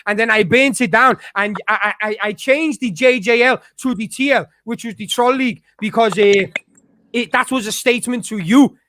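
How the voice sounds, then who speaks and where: High-voiced man ranting angrily. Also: normal speed, fairly bright tone. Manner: angry, profane, stammering with many restarts. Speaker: streamer. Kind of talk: heated rant on a live stream.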